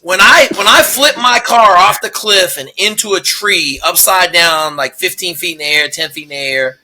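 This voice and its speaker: A man's voice: sits high, moderate pace, sharp tone. A middle-aged man telling stories in casual chat, emphatic and heavy on swearing. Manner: profane, emphatic storyteller.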